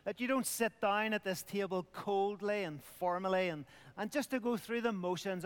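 A man's voice: high voice, moderate pace, clean tone, long reverb tail. A middle-aged man preaching a communion sermon, earnest, dropping to a near whisper at tender points. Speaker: pastor.

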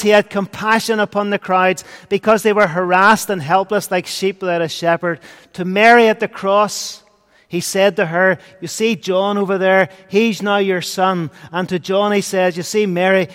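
A man preaching a sermon, earnest, swinging between loud and hushed. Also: sits high, steady tone, normal speed, clean tone. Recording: long hall reverb.

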